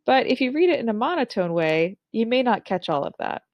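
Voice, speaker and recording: A woman in her thirties teaching an online speaking course, with clear, carefully articulated and expressive delivery. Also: fairly high pitch, brisk, dry recording, highs cut off. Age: 30s. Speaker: instructor.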